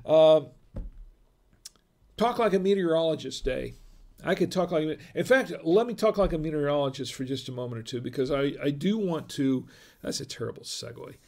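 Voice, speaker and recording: A man's voice: a little high, animated, normal speed, gravelly, a little mellow. A middle-aged man from North Carolina hosting a casual livestream, rambling and chatty with many fillers and restarts. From North Carolina, USA. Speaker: host.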